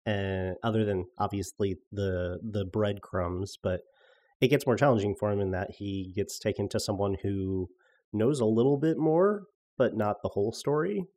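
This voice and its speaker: A man's voice: on the low side, moderate pace, dark tone. A man co-hosting a podcast, chatting casually, thoughtful and hesitant with dry jokes. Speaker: podcast co-host and player.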